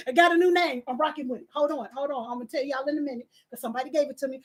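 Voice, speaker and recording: This middle-aged woman talks fast in a high voice during a live stream. She's preachy and animated, reads out chat messages, and breaks into laughs and shouts.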